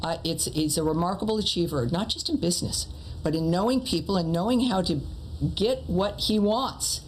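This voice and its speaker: A woman with a fairly low voice gives earnest, halting answers in a broadcast news interview. A faint noise runs under the clip. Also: rough recording. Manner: earnest, hesitant with fillers. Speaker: political guest on a news broadcast.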